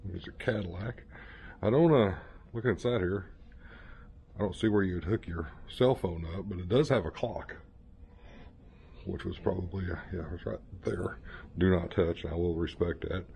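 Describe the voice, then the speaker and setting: A man's voice: low voice, moderate pace, creaky, pauses often, mellow. A man in his fifties giving a playful, joking walkthrough of a museum as a vlogger, talking casually as he goes. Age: 50s. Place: indoor museum hall.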